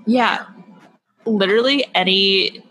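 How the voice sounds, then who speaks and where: A woman's voice: medium pitch, slow, fairly bright tone, rough recording. A woman co-hosting a casual book chat, gushing and rambling with lots of fillers. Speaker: podcast co-host.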